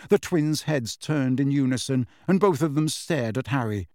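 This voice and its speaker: Lively man reading a storybook. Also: medium pitch, moderate pace, few pauses, dry recording, clean studio sound. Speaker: audiobook reader. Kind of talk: storybook narration.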